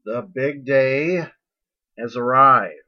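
A man's voice: mid-range voice, slow. Playful male host, lo-fi sound. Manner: playful, silly asides. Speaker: podcast host introducing stories. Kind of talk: casual chat. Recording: dull lo-fi recording.

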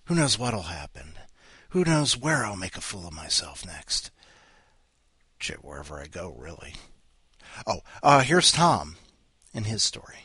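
A man's voice: deep voice, big pitch swings, unhurried, pauses often, bright, forceful tone, breathy edge, no echo. A man hosting a story podcast, chatting in a rambling, self-mocking, joking way. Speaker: podcast host. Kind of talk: casual rambling chat.

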